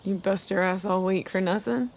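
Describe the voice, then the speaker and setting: A woman's voice: mid-range voice, steady tone, moderate pace, a little mellow, close to an everyday voice. A woman playing a sarcastic young drifter. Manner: teasing, sarcastic. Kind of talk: video game voice acting.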